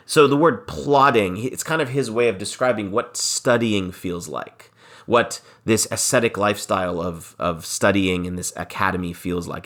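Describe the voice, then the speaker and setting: A man's voice: on the low side, a bit bright. A man giving a literature lecture, reading passages aloud and explaining them, repeating key phrases for emphasis.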